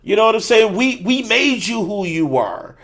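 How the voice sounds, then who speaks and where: A man's voice: high voice, sing-song, normal speed, a bit bright. A man hosting a podcast, ranting with a lot of swearing in casual chat. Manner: profane, ranting. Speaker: podcast host.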